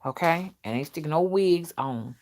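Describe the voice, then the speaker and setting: An older woman hosting a casual live stream, talking bluntly and loudly to her viewers and laughing often as she reads their comments. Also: deep voice, animated, moderate pace. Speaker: spiritual reader and live-stream host.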